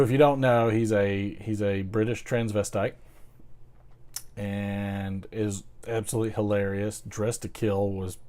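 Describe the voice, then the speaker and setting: A man's voice: lowish voice, darkish tone. A man hosting a casual pipe-smoking chat, rambling, laughing often and trying out comic voices. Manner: chatty, self-deprecating, laughs often, tries comic voices. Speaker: pipe-smoking video host.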